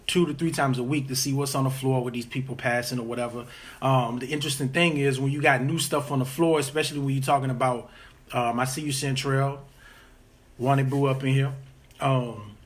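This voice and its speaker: A man hosting a casual live stream from home, urgently pleading with viewers to stay and greeting them by name. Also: mid-range voice.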